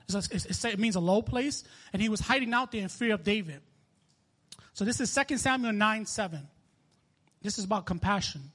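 With a high, slightly bright voice and a brisk pace, this New York-accented minister in his twenties preaches in a relaxed, chatty way, frequently starting over and breaking into laughter.

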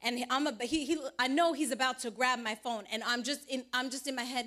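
A woman giving a personal testimony at church, telling her story in an animated way and voicing the people she quotes. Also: high-pitched, a little fast, hardly any pauses. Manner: animated storytelling, quoting others in lively voices.

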